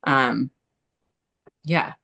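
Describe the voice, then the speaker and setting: A woman hosting a webinar panel, upbeat and chatty with quick reactions. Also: a bass voice, vocal fry, pushed and bright. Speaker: webinar host. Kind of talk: casual panel moderation.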